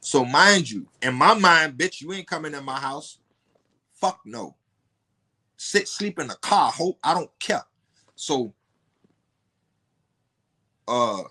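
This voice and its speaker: A man, a podcast guest telling a story bluntly and profanely, his voice jumping high in outbursts. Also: bright, forceful tone.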